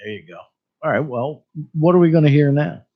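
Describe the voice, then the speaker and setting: On a dull lo-fi radio broadcast, a man hosts a show from a radio studio, chatting casually with a guest in an interview. His voice is on the high side, animated and fairly quick, and he laughs often and stumbles over names.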